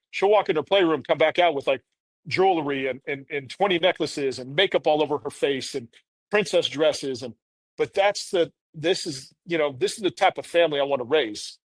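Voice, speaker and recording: A man's voice: fairly high pitch, dry recording. A man in his thirties, a podcast guest, telling a candid personal story in an earnest, rambling way full of "you know".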